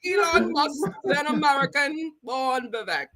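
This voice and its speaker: High, lively woman co-host. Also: a crowd in the background. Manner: playful, mocking, prone to drawn-out laughs. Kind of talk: casual livestream banter.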